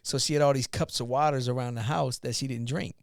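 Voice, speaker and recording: A man with a mid-range voice tells a long story on a podcast, animated and rambling, often restarting his sentences. The sound is dry and close. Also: mid-range voice, fairly quick, vocal fry, no room sound. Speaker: podcast co-host, father, youth mentor. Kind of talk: casual storytelling.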